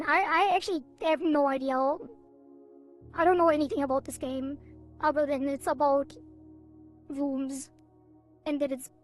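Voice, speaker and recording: Giggly high-voiced woman streamer. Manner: chatty, giggly, rambling with playful sound effects. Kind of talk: casual live-stream chat.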